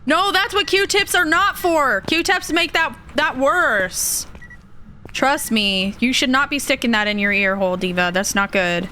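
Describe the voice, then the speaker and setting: A woman's voice: sits high, unhurried, bright, forceful tone, slight background noise. A young woman streaming a game, chatting casually and greeting viewers by name. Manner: chatty, reads chat aloud and greets viewers. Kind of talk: casual live-stream chat while gaming.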